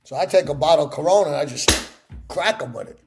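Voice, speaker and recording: Gravelly man telling stories animatedly. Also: fairly high pitch, fast talker, over music. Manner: animated storyteller acting out quoted voices. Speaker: interview guest. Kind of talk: sit-down interview storytelling.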